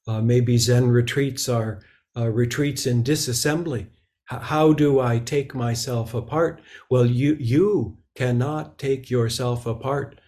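A Zen teacher gives a dharma talk in a mid-range, somewhat dark voice. He speaks slowly and haltingly, filling the gaps between phrases with lots of filler sounds.

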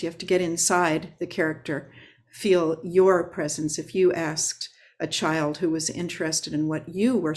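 A woman Zen teacher giving a dharma talk, unhurried and reflective, pausing often on filler sounds. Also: on the low side, a little mellow.

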